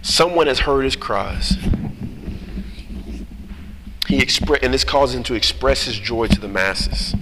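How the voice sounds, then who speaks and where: Animated male preacher in a reverberant hall. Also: mid-range voice, normal speed. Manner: animated preaching with rhetorical questions. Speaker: pastor. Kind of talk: sermon. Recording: reverberant hall with steady noise.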